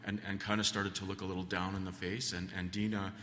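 Low-voiced man preaching in echoing church. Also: level tone, quick pace, sharp tone. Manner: folksy, rambling, many fillers. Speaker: guest preacher. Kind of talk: sermon with storytelling. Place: church sanctuary. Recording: long church reverb.

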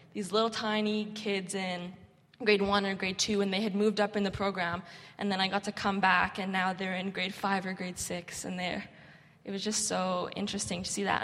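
A woman's voice: medium pitch, fairly bright tone. A young woman shares stories from volunteering at a kids' camp in a casual, rambling way, dropping "like" into nearly every phrase. Her voice sits in the middle of the usual range. The sound carries a long reverb, as if she is speaking in a large hall. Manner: chatty, lots of "like" fillers. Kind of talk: casual storytelling talk.

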